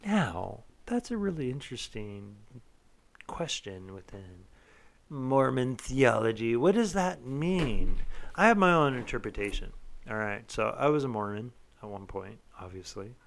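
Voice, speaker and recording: His voice is lowish, gravelly, and fairly bright, with lively intonation and a slightly slow pace. Chatting casually on a podcast, the young man is profane and rambling, joking and arguing while admitting he's tipsy.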